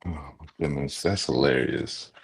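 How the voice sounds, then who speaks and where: Husky low-voiced guy cracking up on a livestream, bouncy pitch, dry sound. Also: moderate pace, no room sound. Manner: laughing a lot, cheering, slangy and swearing. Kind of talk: casual live-stream chat.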